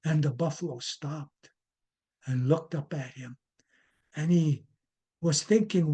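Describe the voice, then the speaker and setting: Male storyteller, high voice, slow, explanatory delivery. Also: dark tone, husky. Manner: deliberate, explains native words as he goes. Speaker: storyteller and educator. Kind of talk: traditional oral storytelling.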